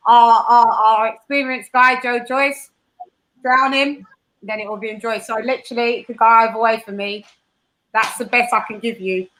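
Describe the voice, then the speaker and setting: A woman's voice: fairly high pitch, fairly even intonation, moderate pace, a bit bright, rough recording. A woman with a Cockney accent giving her boxing prediction in a chatty, hesitant way. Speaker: boxing analyst. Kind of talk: casual chat.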